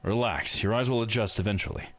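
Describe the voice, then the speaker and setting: A man's voice: lowish voice, quick pace, creaky, fairly bright tone, voice pushed down. A man doing a hearty older adventurer. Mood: teasing. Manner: boisterous, calls everyone son. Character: hearty older male adventurer, bold and cheerful. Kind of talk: live reading of game dialogue.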